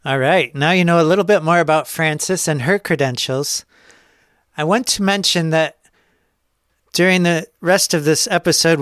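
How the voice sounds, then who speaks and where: Male host, slightly high, crisp tone; measured scripted intro. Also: dry recording, studio quality. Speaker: podcast host.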